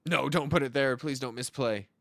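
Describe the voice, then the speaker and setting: A young man commenting on his own card game match, telling deadpan, absurd tall tales between plays. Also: mid-range voice, normal speed, creaky, no room sound. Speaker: card game content creator. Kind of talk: joking commentary over gameplay.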